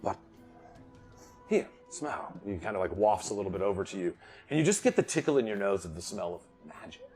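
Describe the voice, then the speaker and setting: A man's voice: lowish voice, brisk, soft background music. A man narrating as dungeon master in a tabletop game, talking animatedly and voicing the characters. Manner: animated, drops to a hushed voice for a character, bursts into loud outbursts.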